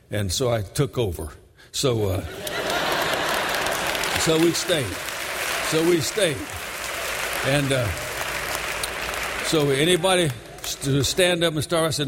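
A man from Brooklyn preaching a sermon, moving between shouted exhortation and a folksy story told with many fillers. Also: medium pitch, a little slow, long pauses, big-room sound, a crowd in the background, noisy background.

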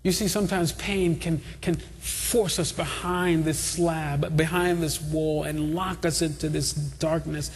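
A man's voice: on the high side, a little hiss or hum. A man preaching a sermon to a congregation, with an impassioned, repetitive cadence. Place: church hall. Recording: long hall reverb.

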